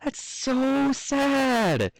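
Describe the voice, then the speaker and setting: A man voicing a sweet, gentle little unicorn filly pony in a fan story reading. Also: extremely high pitch, very animated, drawn-out words, no room sound, pitched above the performer's own voice, exaggerated voice. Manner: soft and tender.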